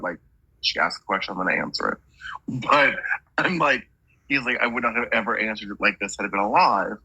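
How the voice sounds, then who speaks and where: A man's voice: lowish voice, gravelly, bright, forceful tone, breathy edge, no echo, poor audio. A man working as a medium, relaying messages in a chatty reading and stringing quotes together with "he's like".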